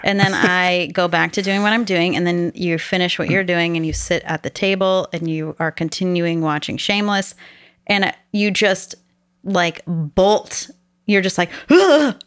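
A young woman co-hosting a podcast in casual chat, blunt and laughing often, animated when retelling stories. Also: on the low side, normal speed, clean tone, no room sound. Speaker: podcast co-host.

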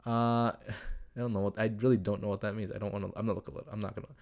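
A young man speaks quickly in a lowish, darkish voice with little pitch movement. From a home room whose window lets in street noise, he hosts a casual advice podcast on a desktop computer setup, reading listener questions while rambling, swearing and drifting off topic.

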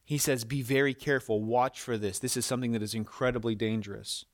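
A male pastor delivering a sermon in a mid-pitched voice, explaining scripture with frequent small restarts. He turns emphatic and repetitive when pressing a point home. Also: fairly even intonation, fast talker. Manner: emphatic, repeats words when stressing a point.

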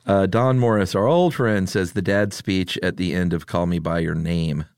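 A podcast co-host with a very deep voice, talking casually and trading dry jokes. He is a man reading out listener picks in an easy, teasing way. The sound is close and dry, with no room in it. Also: normal speed, a little mellow, smooth, no room sound. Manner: dry, joking, reads listener submissions. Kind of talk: casual chat.

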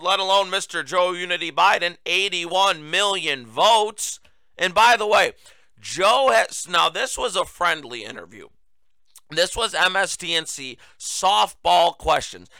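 Indignant male host, tense crisp voice. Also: high-pitched, bright, forceful tone, dry recording. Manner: indignant and sarcastic. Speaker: talk show host. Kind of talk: political commentary.

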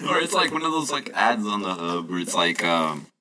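A man's voice: deep voice, big pitch swings, a little fast, crowd noise. A young man co-hosting a podcast, laid-back and slangy in casual chat. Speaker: podcast co-host.

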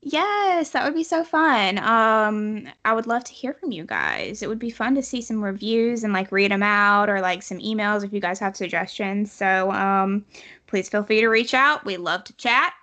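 Bright, giggly woman podcast host. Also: mid-range voice, lively intonation, normal speed. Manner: giggly, chatty, lots of "like" and "um". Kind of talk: casual podcast chat.

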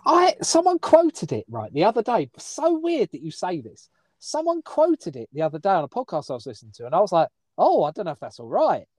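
A man hosting a podcast, chatting casually from outdoors with quick, offhand replies and wry asides. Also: sits high, huge pitch swings, a little mellow, dry recording. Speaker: podcast host. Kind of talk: casual chat. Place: outdoors with birdsong.

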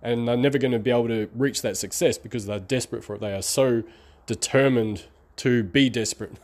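A man's voice: mid-range voice, fairly quick, a little mellow. A middle-aged man with an accent between Australian and New Zealand and a slight lisp, drawing out his words in a rambling, candid vlog monologue. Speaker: online marketing vlogger. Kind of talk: casual talking-to-camera monologue.

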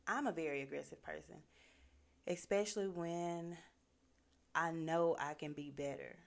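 A woman's voice: low voice, unhurried, vocal fry. A woman giving a casual motivational talk in an earnest, conversational way, with lots of "like" fillers. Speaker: motivational speaker.

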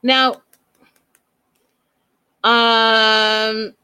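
A woman's voice: fairly high pitch, flat delivery, drawn-out words, bright, forceful tone, clear, resonant tone. A woman giving blunt, opinionated commentary on a reality show, speaking straight to her viewers. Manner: emphatic, blunt, talks straight to "you guys". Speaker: reality TV recap vlogger.

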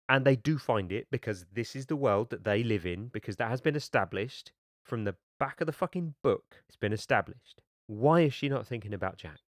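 A man's voice: fairly low pitch, animated, normal speed, no echo, studio quality. Exasperated man mocking a book. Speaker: book reviewer reading aloud. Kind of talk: sarcastic read-along commentary.

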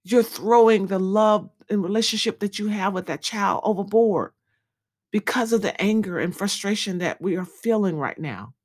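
An earnest woman speaking a devotional podcast message at a middle pitch. She leans on repeated phrases in a steady preaching cadence. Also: moderate pace.

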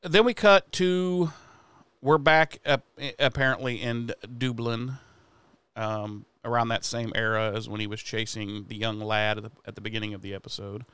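A man co-hosting a podcast, casually recapping a TV episode in a profane, animated way. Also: fairly low pitch, normal speed, smooth, no room sound. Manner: profane, animated retelling with quoted voices.

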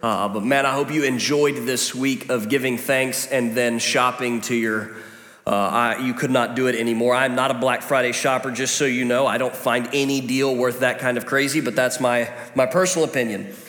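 A man preaching a sermon as pastor, telling stories with joking, lively asides. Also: medium pitch, moderate pace. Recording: echoey hall.

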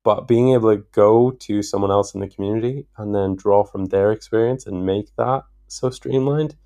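A man's voice: on the low side, normal speed, dark tone. A man hosting a podcast, working through long, reflective thoughts with enthusiasm. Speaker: podcast host. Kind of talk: podcast interview.

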